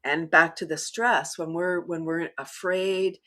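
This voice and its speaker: A middle-aged woman who leads laughter yoga, talking as a guest in an animated way and often breaking into demonstration laughs. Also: lowish voice, a little slow. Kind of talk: conversational interview.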